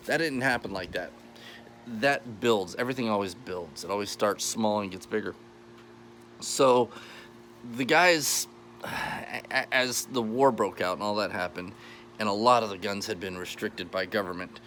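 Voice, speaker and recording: Brief: low-pitched American male host, conversational lecture, rambling and self-correcting, light hiss behind. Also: normal speed, a bit bright. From United States. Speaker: history channel host. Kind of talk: casual explainer monologue.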